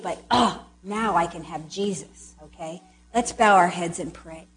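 A middle-aged woman giving a children's sermon in a chatty way, acting out quoted reactions with a drawn-out "ah". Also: on the low side, a little hiss or hum.

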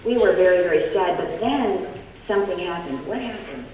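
A woman's voice: on the low side, lively intonation, moderate pace. Woman giving a children's sermon in an echoey hall. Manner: gentle, coaxing, talks down to young children. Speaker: children's message leader at church. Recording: echoey hall, distant mic, noisy and dull.

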